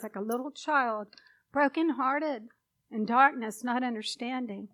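A woman's voice: fairly high pitch, unhurried, a bit bright. A woman preaching a sermon and sharing a personal testimony, with an emotional, emphatic delivery.

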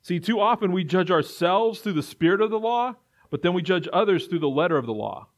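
A man's voice: sits high, expressive, fairly quick. A man preaching a sermon in an earnest way, building to emphatic repetition. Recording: dull lo-fi recording.

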